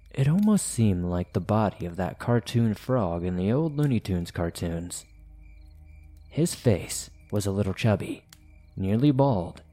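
A man hosting a horror podcast, reading a first-person scary story in a measured, deliberate way. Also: fairly low pitch, mellow. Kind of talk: scripted horror narration.

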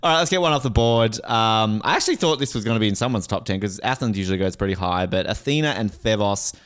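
A man co-hosting a podcast, talking in casual banter that is animated and rambling, with lots of laughing and swearing. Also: on the low side, fast, clean tone. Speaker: podcast co-host. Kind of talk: casual banter ranking mascots.

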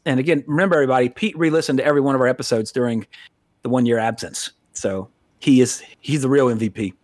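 A man's voice: medium pitch, fast, a little mellow, dry recording. An American man co-hosting a podcast in a casual, rambling, profane way, laughing often. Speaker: podcast co-host.

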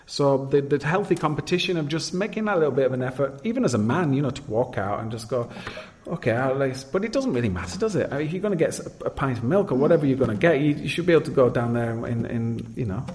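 Musing man, halting and repetitive. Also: medium pitch, expressive, a little mellow. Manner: hesitant, repeats words, musing. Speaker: host. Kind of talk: casual chat.

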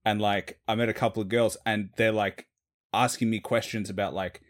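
A young man with a soft city Australian accent, hosting a casual interview and telling amused stories in an easygoing way. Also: on the low side, fairly even intonation, normal speed. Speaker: podcast host. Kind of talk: casual chat.

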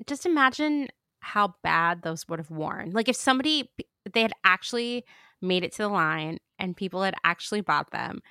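A woman hosts a casual podcast and talks with a bright, sharp tone. The sound is close and dry, with no room echo, and she reacts to her guest in an easy back-and-forth. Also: medium pitch, lively intonation, normal speed, clean tone. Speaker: podcast host.

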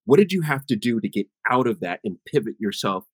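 A man's voice: mid-range voice, very animated, fairly quick, no echo. A man hosting an interview, asking earnest, probing questions and slipping in playful asides. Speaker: interview host. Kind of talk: conversational interview.

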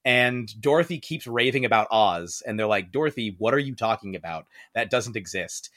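A man hosting a podcast, telling a story in a casual chat and acting out the quoted lines in high voices. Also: animated, normal speed, a bit bright. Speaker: podcast host.

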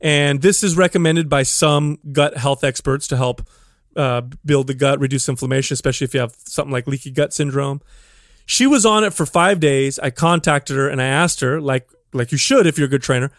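A fitness trainer co-hosting a podcast talks earnestly about how he works, rambling and restarting a lot in casual chat. His medium-pitched voice is brisk, and the studio sound is clean with no echo.

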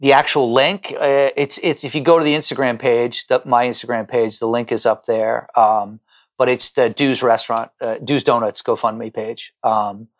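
A man's voice: medium pitch, steady tone, moderate pace. A middle-aged chef talking as a podcast guest over a remote call, heartfelt and stumbling over repeated words when he gets moved. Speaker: chef and restaurant owner, guest. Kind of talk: emotional podcast conversation.

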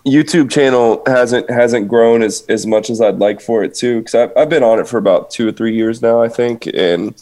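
A man's voice: medium pitch, normal speed, few pauses, warm tone. A man talking as a podcast guest in casual chat, often laughing and rambling with lots of restarts. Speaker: guest drummer.

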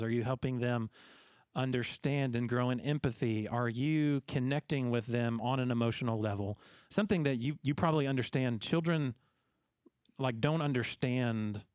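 A man's voice: medium pitch, darkish tone, clear, resonant tone, no room sound, studio quality. A man hosting a podcast in casual chat, joking and often repeating words as he starts sentences. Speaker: podcast host.

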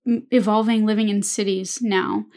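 A woman in her thirties co-hosting a podcast, retelling a movie in lively, casual chat full of fillers. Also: mid-range voice, normal speed. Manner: animated storytelling, full of "like" and "you know". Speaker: podcast co-host.

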